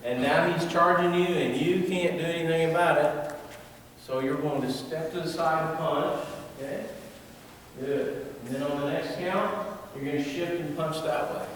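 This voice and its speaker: A man's voice: on the high side, fairly even intonation, moderate pace, slight background noise. A man teaching a martial arts class, coaching students through drills and calling out counts with playful asides. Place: large indoor training hall. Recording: roomy echoing hall, mic far off.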